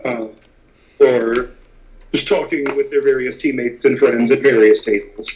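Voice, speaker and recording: A man narrating a tabletop game as game master, with frequent pauses and filler words. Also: mid-range voice, fairly even intonation, darkish tone, a little hiss or hum, rough recording. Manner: halting, many filler words.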